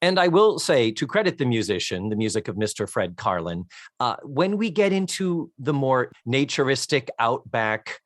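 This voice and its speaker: A man's voice: medium pitch, very animated, normal speed, no echo. A wry, talkative man in middle age hosts a podcast, mixing loose chat with a read-out synopsis. His voice sits in an ordinary middle register, and it is recorded close and dry with no room sound. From United States. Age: middle-aged. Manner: wry, chatty, swears offhandedly. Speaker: podcast host. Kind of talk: casual chat and reading a synopsis.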